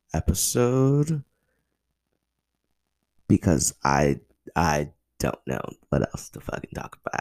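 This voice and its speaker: Excitable man with a deep, gravelly voice. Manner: excitable, stammering, swears a lot. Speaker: podcast host. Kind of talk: casual podcast monologue.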